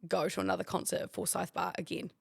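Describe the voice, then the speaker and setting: A woman's voice: lowish voice, flat delivery, fast talker, creaky, husky. A young woman from New Zealand with a New Zealand accent, co-hosting a podcast in casual, chatty talk, laughing often and swearing freely. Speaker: podcast co-host. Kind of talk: casual chat.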